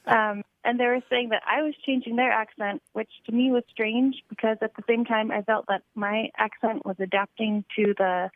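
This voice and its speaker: A woman's voice: on the high side, no room sound. Young Californian woman calling in by phone. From Los Angeles, USA. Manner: hesitant, many ums and likes. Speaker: caller. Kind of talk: phone-in question. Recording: tinny phone line.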